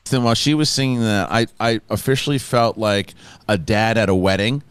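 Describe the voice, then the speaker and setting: A man hosting a live show, telling stories in a casual, animated way with frequent laughs. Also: on the low side, fairly quick, clear, resonant tone, no echo. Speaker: host. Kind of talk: casual chat.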